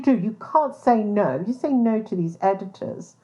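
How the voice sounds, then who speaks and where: A woman's voice: mid-range voice, lively intonation, normal speed, few pauses, dark tone. A woman hosting a podcast, talking bluntly in a casual monologue, with lots of swearing, "um"s and restarts. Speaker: podcast host, private investigator. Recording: dull lo-fi sound.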